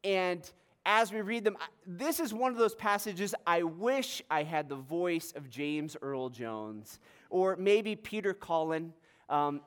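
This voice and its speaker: A man's voice: on the high side, clear, resonant tone. A male pastor with a tenor voice, preaching a sermon in a conversational way with light self-deprecating humor.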